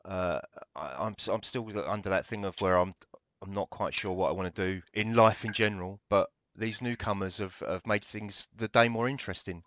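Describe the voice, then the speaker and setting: Bright-voiced laid-back game player. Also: male voice, lowish voice, a little fast, few pauses, dry recording. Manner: laid-back, joking, laughs along. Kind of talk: casual game chat, playing a reverend.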